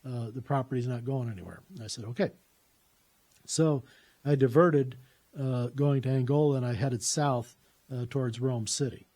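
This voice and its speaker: A man's voice: mid-range voice, normal speed, mellow. A man telling a personal story in a casual, rambling way, with lots of "uh" fillers and restarts.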